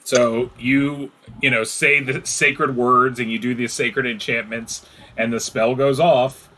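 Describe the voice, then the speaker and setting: Man, game master, chatty narration, bright voice, mid pitch. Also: slow pace, poor audio. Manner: relaxed, chatty, with frequent fillers.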